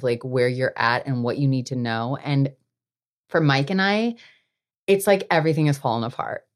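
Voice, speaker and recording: A woman, an actress appearing as a podcast guest, talking casually and rambling with lots of filler words. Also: low voice. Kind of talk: casual interview chat.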